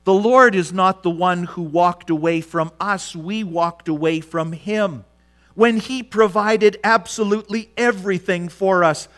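A man's voice: high-pitched, fairly bright tone. A man preaching a sermon, retelling a story with dramatic flair and acting out the quotes.

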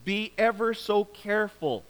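A man preaching a sermon, reading scripture and expounding on it in a slow, deliberate way with dramatic pauses. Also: high-pitched, expressive, fairly bright tone, smooth, rough recording.

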